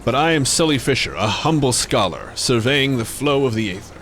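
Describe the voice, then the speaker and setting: A prim, old-fashioned male scholar from a game, as a man reads him out, speaking with stiff courtesy. His pitch moves a lot as he speaks, on an everyday, mid-height voice. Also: lively intonation, brisk, fairly bright tone, a little hiss or hum, natural voice. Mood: courtly.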